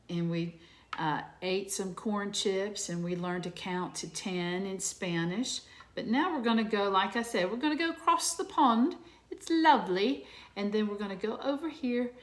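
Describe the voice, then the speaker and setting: Gentle sing-song woman teacher. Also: mid-range voice. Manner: gentle, sing-song, asks children questions. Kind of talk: teaching young children.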